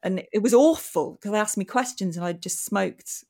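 A woman's voice: medium pitch, moderate pace, warm tone. An English woman in her forties, a comedian telling funny stories in casual chat and laughing often. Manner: chatty storyteller, laughs often. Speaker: comedian guest.

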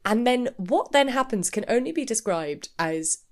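A woman's voice: fairly high pitch, moderate pace. A woman co-hosting a podcast, chatting casually and acting out the people she quotes. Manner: animated storyteller who acts out quoted people. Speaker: podcast co-host. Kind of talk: casual chat.

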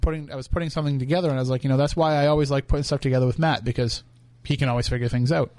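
A man's voice: mid-range voice, fairly even intonation, very fast, a little mellow, no room sound. A man hosting a radio show from a studio, chatting casually with his co-host and laughing often. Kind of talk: casual on-air banter. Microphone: studio microphone.

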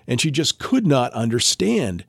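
A man's voice: mid-range voice, a little slow, creaky, husky, no room sound, studio quality. A man co-hosting a podcast, telling a story in casual chat and acting out the quotes. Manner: animated, acts out quoted voices. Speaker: podcast co-host.

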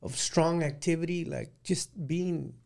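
A middle-aged man recounts his life, including prison life, as a guest in a casual interview, plain-spoken and rambling with many restarts. His voice is on the high side, steady, a little slow, creaky and darkish.

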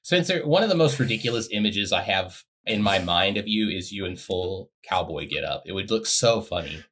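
A man's voice: low voice, lively intonation, normal speed, fairly bright tone. A man co-hosting a podcast in casual chat, teasing his friend and laughing often. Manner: teasing, laughs often, does silly voices. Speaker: podcast co-host.

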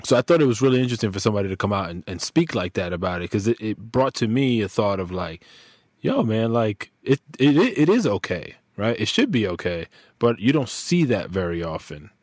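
A man's voice: on the low side, fairly quick, no room sound, studio quality. Laid-back man hosting a podcast. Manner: relaxed, rambling with restarts and slang. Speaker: podcast host. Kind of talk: casual podcast chat.

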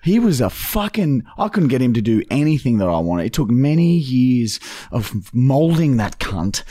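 A man, a podcast co-host telling sweary, animated stories in casual chat. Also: medium pitch, moderate pace, no room sound, studio quality.

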